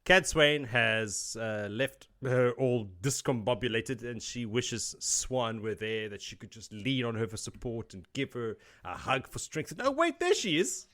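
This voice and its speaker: A man chatting on a podcast about a book he has read. His voice sits at an ordinary middle pitch. He retells scenes with lively energy and drops into casual swearing and quoted asides. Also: a little slow, hardly any pauses. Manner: animated retelling, slipping into character quotes and swearing. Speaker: podcast co-host. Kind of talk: casual book-discussion chat.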